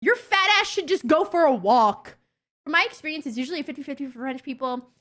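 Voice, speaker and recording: A young woman streamer chatting casually with her viewers, blunt, excitable and swearing constantly. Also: high voice, fast. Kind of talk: casual livestream chat with viewers.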